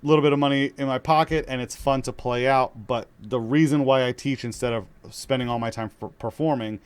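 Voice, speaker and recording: A man who is a father of young children, teaching drums in a relaxed, chatty way with many fillers and restarts. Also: mid-range voice, fairly quick, smooth. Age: young adult to middle-aged, father of young kids. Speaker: drum teacher. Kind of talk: casual spoken drum lesson.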